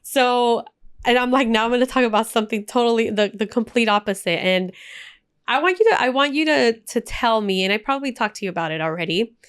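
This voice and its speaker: Podcast co-host, woman, bright smooth voice, chatty and emotional, casual talk. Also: on the high side, fairly quick. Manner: chatty, emotional storyteller mixing in Spanish phrases.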